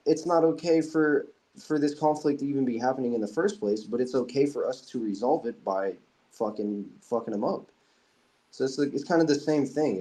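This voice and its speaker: A man's voice: medium pitch, dark tone. A young man co-hosting a podcast in casual chat, talking loosely and profanely, laughing often and using plenty of filler. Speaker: podcast co-host.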